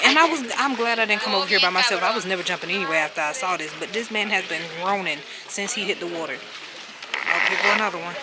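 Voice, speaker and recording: A woman's voice: medium pitch, quick pace. A young woman vlogging by a lakeside cliff, chatting and joking in slang as she films on a handheld camera. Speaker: travel vlogger. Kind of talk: casual vlog chat. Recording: loud outdoor noise.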